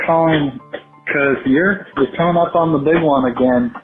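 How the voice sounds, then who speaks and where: A man's voice: a little high, normal speed, soft background music. Rambling man on a tinny voicemail. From Texas. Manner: rambling, hesitant. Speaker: caller. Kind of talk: voicemail message.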